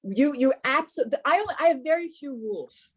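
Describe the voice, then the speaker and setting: Older american lady teaching english on a video call, slightly high voice, encouraging, repeats herself. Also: lively intonation, fast talker. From United States. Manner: warm, encouraging, repeats words while searching. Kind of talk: online conversation class.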